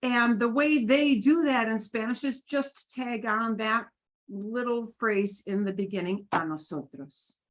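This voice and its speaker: Woman Spanish teacher, unhurried and patient, explaining grammar with lots of pitch movement. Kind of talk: online class teaching.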